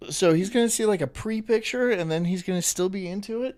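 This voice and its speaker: A man hosting a reaction stream, talking in a mocking, loud way and repeating his jokes. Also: high voice, brisk, few pauses. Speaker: streamer host.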